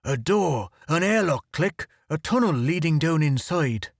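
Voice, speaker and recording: A man reading a storybook audiobook, voicing a big, gruff, brash male photographer with a blunt manner. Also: on the high side, expressive, a little slow, no echo, studio quality, voice pushed up, exaggerated voice.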